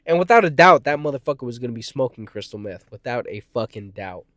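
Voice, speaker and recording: Man in his 20s, middle pitch, recorded dry; casual storytime with rambling restarts and constant cursing. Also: animated, quick pace, hardly any pauses, a bit bright, no room sound. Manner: profane, rambling, frequent swearing; restarts and self-corrections.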